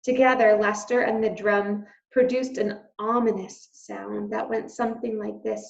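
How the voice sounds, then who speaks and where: A woman's voice: medium pitch, a little slow, vocal fry, few pauses. Woman teacher reading a story aloud. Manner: expressive storytelling. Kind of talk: reading a children's novel aloud. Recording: roomy, slightly dull recording.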